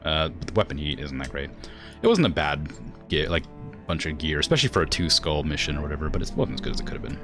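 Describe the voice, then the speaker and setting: A man's voice: rumbling low, lively intonation, fast, over music. A man streaming a strategy game, chatting casually and laughing often.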